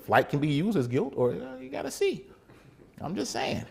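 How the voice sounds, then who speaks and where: A man, a defense attorney, giving a casual motivational faith talk, animated, laughing often and acting out little scenes. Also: sits high, takes it slowly, gravelly, pauses often, breathy edge.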